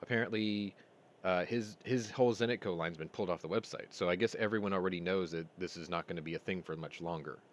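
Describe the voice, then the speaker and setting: Male host, low voice; loose conversational storyteller who replays dialogue. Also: quick pace. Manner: rambling storyteller, retells dialogue. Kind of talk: casual chat.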